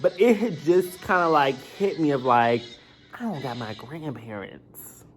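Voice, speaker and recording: A man's voice: on the high side, measured pace, soft background music. Rambling man's late-night confessional vlog. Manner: rambling, emotional, heavy on filler words. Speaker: vlogger.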